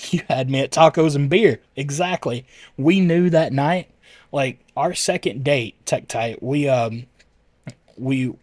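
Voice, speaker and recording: A man's voice: medium pitch, slow pace, darkish tone, no echo, clean studio sound. A man chatting casually with his livestream viewers, rambling and correcting himself as he answers chat messages.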